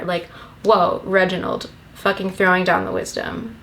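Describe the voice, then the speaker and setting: A woman's voice: mid-range voice, level tone, a little slow, fairly bright tone. A young woman recapping a movie in a rambling, sarcastic comedy style, swearing constantly. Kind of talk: profane comedic plot recap.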